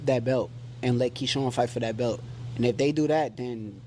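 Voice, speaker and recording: A man's voice: mid-range voice, moderate pace, background noise. A man, a boxer, giving loose, boastful interview answers in an easygoing way.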